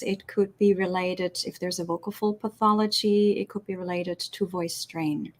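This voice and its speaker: A woman speech-language pathologist answering interview questions in a clear, teacherly explaining manner. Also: medium pitch, fairly even intonation, unhurried, few pauses, fairly bright tone.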